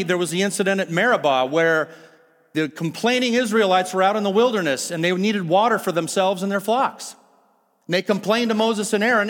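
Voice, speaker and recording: Animated male preacher in a reverberant hall. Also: high-pitched. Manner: animated, rhetorical questions to the congregation. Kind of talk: sermon. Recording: long hall reverb with faint music.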